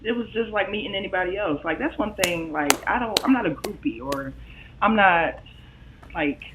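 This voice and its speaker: A woman's voice: medium pitch, moderate pace, noisy background. A woman guest chatting casually on a live stream, slangy and laughing often, heard over a video call. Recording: tinny remote call audio.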